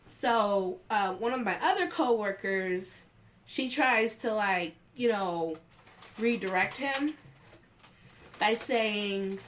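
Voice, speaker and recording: A woman's voice: mid-range voice, lively intonation, a little hiss or hum. A woman casually telling a story from work, acting out what others said with raised voices. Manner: unhurried, acts out the quotes of others with raised voices.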